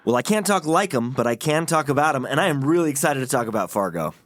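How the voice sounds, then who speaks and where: A man hosting a casual film-discussion podcast, talking in an animated, jokey, playful way. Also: medium pitch, quick pace, no echo, studio quality. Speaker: podcast host.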